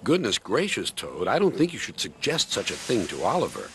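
A man voicing a fussy, kindly tank engine who speaks briskly. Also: fairly low pitch, wildly swooping pitch, fairly bright tone, a little hiss or hum, full character voice.

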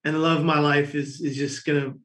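A man, a guest on a talk show, telling a long personal story in an animated way with frequent laughs. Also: a little high, fast. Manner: animated storyteller, laughing often, many restarts. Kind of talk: storytelling in conversation.

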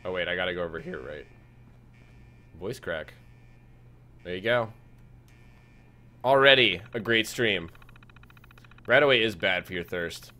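A man's voice: low-pitched, unhurried, long pauses. Casual male game streamer chatting. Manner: relaxed, reads chat aloud, frequent fillers. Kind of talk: casual live-stream chat over gameplay.

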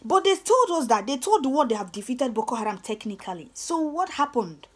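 A young Nigerian woman with a Nigerian accent and a slightly high voice, ranting to her channel's viewers. She is scornful and repetitive, stumbling over her words with frequent "eh"s and restarts. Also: sing-song, fairly quick, noisy background. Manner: scornful, repetitive, stammers with many "eh"s. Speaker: channel host. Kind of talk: ranting commentary vlog.

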